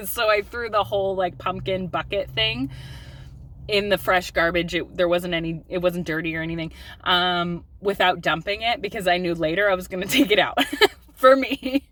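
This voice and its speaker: A woman's voice: fairly low pitch, steady tone, moderate pace, a bit bright. A woman in her thirties talking candidly in a personal vlog, open and confessional with filler ums. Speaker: mom vlogger.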